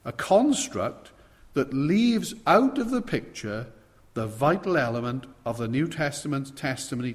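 A man preaching an expository sermon, stressing key words with sudden swells in volume. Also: mid-range voice. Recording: long hall reverb.

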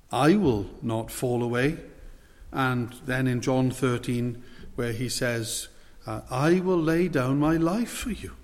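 A man preaches a sermon in an earnest, emphatic way, pushing his voice upward on the questions he quotes. His voice sits at an ordinary middle pitch. A long reverb trails after each phrase, as if he is in a large hall. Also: a little mellow.

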